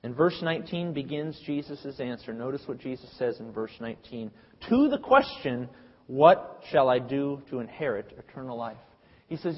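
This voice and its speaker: A man's voice: medium pitch, very animated, moderate pace, husky. A man preaching a sermon in an emphatic, preacherly way, sometimes acting out the lines he quotes. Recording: dull lo-fi audio with long hall reverb.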